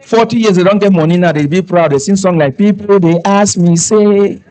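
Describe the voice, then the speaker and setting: On a low-quality recording, a man's high-pitched, somewhat mellow voice runs a little fast. He's from Cameroon, speaks with a Cameroonian Pidgin English accent, and as an event entertainer and fundraiser he performs live stand-up, cracks jokes, breaks into snatches of hymns, and appeals for donations.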